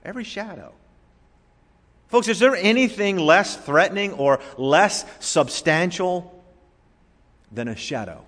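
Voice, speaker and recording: A Florida pastor preaches a sermon in a high-sitting, expressive male voice, swinging emphatically between loud declarations and hushed, drawn-out words. The recording carries a long hall reverb.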